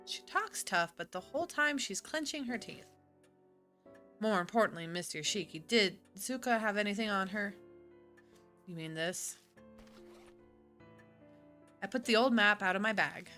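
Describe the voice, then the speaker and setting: Bright-voiced woman streamer reading a game. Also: mid-range voice, expressive, normal speed, long pauses, faint music behind. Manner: chatty, switches between reading and asides. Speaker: VTuber streamer reading a visual novel aloud.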